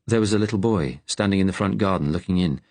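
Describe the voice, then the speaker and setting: A deep, low-pitched man reads a wartime thriller aloud in a steady, serious, measured way. The sound is close and dry, with no room around it. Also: no echo. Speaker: audiobook narrator. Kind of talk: scripted narration.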